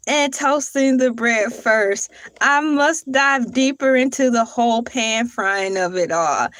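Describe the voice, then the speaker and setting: Woman, high voice, slow easy pace, casual livestream chat, giggly, reads aloud and spells words. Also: fairly bright tone, no room sound, poor audio. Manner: chatty, laughs often, reads search results aloud and spells words out. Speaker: livestream host.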